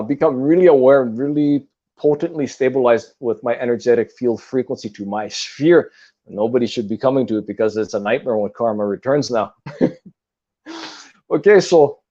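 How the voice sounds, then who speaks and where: A man's voice: medium pitch, a little mellow, highs cut off. A man in casual spiritual talk, speaking in an earnest, repetitive, lecturing way. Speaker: guest on a spiritual talk stream.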